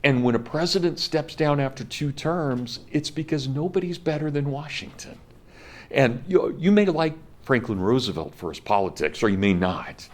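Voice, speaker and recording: A man in his fifties gives a college history lecture in a classroom, speaking with passion and emphasis and addressing his students directly. His voice is medium-pitched, expressive, and at a normal speed.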